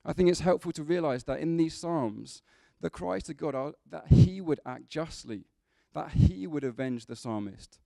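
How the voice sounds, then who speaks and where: Man, sermon, conversational, joking asides, gravelly, mellow tone. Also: a little high, animated, normal speed, hardly any pauses, no room sound, studio quality. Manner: conversational, with asides and humor to the congregation. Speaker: preacher. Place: church.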